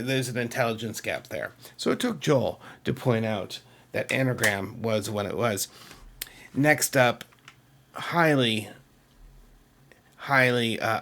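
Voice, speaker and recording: A man's voice: fairly low pitch, creaky, fairly bright tone. A man, rambling enthusiastically and a little self-deprecatingly as he shows off his music collection on video. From Massachusetts. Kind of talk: casual chat showing a CD collection.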